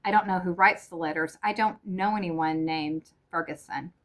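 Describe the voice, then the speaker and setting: A weary, guarded wife who speaks quietly and flatly, holding all feeling back, as a woman reads her aloud in a storybook reading. Her voice stays low and even. She never raises it. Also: moderate pace, close to an everyday voice. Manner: quiet, low, without emotion.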